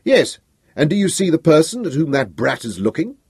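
An imperious emperor of a galaxy, voiced by a man reading an audiobook, fires off indignant, demanding questions. The voice climbs higher than the narration and swings widely in pitch. It is a little husky and recorded dry and close. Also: big pitch swings, a little fast, a little mellow, no echo, heavily acted. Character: imperious, agitated galactic emperor, adult man. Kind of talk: audiobook character voice.

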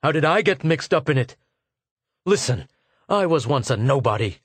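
A man's voice: medium pitch, a little slow, dry recording, natural voice. A man voicing an angry middle-aged male tailor lost in time, speaking in bitter, defiant outbursts in a dry recording. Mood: furious.

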